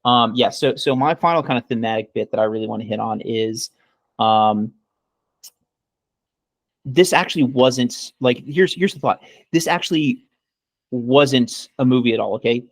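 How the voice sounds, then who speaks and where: A man's voice: medium pitch, moderate pace, no room sound. A man co-hosting a podcast in casual chat, giving sarcastic mock praise and rambling with many fillers. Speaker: podcast co-host.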